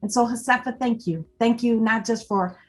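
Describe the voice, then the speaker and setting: A woman's voice: on the high side, moderate pace. Earnest woman co-host giving thanks. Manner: earnest, repeats "more importantly", many "um"s. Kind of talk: heartfelt closing thanks on a live video show.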